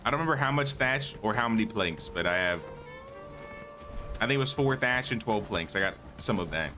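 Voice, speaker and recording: A man's voice: lowish voice, lively intonation, brisk, bright, forceful tone, soft background music. A man casually talking through a live game stream, thinking aloud and greeting viewers, his voice a bit worn. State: slightly losing his voice.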